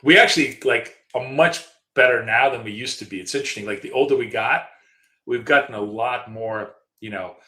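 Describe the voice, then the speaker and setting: A middle-aged man in an echoey room co-hosts a casual live trading chat. His lowish voice is bright and forceful and moves at a quick pace, and he tells stories chattily, with frequent fillers and restarts.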